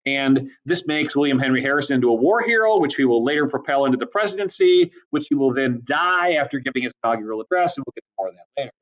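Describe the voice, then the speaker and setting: A man teaching a history class in a casual, chatty lecture style, with many ums and quick asides. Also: medium pitch, animated, lo-fi sound.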